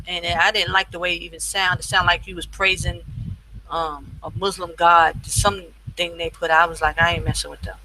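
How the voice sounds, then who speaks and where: A woman's voice: lowish voice, bright, forceful tone, low-quality recording. A woman teaching a casual beginner language lesson, repeating each phrase for learners and adding chatty, informal asides.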